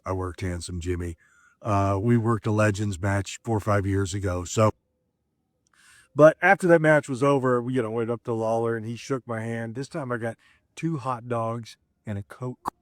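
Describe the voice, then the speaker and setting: A man's voice: lowish voice, no echo, studio quality. A middle-aged man, a former wrestler, telling stories in a casual, rambling way with lots of fillers and restarts. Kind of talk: casual storytelling.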